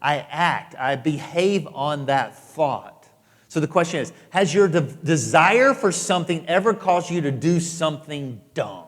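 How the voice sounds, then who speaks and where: A man preaching a sermon as pastor, emphatic, repeating phrases and dropping into soft asides. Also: on the high side, lively intonation, unhurried, long reverb tail. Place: church auditorium.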